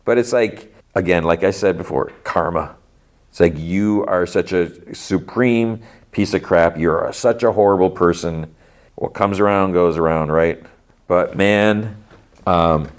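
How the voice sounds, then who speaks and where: A man with a deep, low voice recaps TV episodes in a loose, chatty way. He tells the story with energy and acts out the lines along the way. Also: slow pace. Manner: animated retelling, acting out lines. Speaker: podcast host.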